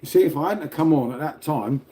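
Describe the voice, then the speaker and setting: Pria Inggris santai, suara agak tinggi namun gelap. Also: male voice, on the high side, fast talker, warm tone. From Britain. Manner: rambling, laughing, swearing, talking to viewers. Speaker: livestreamer reading chat. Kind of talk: casual live chat. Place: indoors at home next to a radiator.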